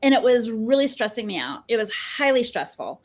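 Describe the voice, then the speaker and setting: A woman in her fifties, a therapist, chatting as a podcast guest and telling stories in an animated way, acting out what people said. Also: on the high side, brisk. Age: 50s. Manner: chatty and animated, acts out quoted dialogue. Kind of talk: casual storytelling in a podcast interview.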